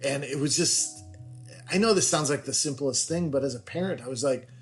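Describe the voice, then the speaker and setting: Faint music plays behind a medium-pitched, fairly quick male voice as a middle-aged dad, guesting on his daughter's podcast, rambles through family stories with self-deprecating humor and many restarts.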